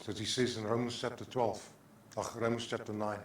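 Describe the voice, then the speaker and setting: A man's voice: on the low side, flat delivery, brisk, slight background noise. An older man with a South African accent preaching a sermon as pastor. He preaches with passion, repeats his phrases and slips into Afrikaans. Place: church sanctuary. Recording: echoey church hall.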